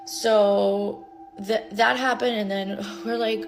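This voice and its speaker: A woman telling viewers a travel story to camera in an animated, chatty way, with lots of fillers and restarts. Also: mid-range voice, takes it slowly, gravelly, over loud music.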